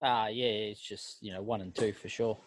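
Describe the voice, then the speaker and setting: A man's voice: on the low side, steady tone, normal speed, dry recording. A man co-hosting a podcast in casual, blunt, slangy banter. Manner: laid-back, blunt, slangy. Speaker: podcast co-host.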